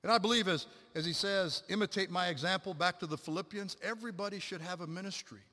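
A middle-aged man preaching a sermon, animated, acting out quotes and swinging between loud and hushed passages. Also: high-pitched, quick pace. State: a little out of breath. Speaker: pastor. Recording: long hall reverb.

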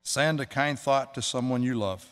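A man's voice: medium pitch, normal speed, fairly bright tone. A man preaching a sermon as pastor, in a conversational, chatty manner with asides to the congregation. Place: church sanctuary. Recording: long hall reverb.

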